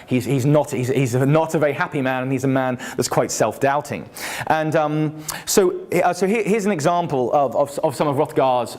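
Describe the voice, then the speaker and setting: A male lecturer gives an academic talk at a mid pitch. He speaks haltingly, stumbling through restarts and fillers before settling into full explanations. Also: a little mellow. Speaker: university lecturer.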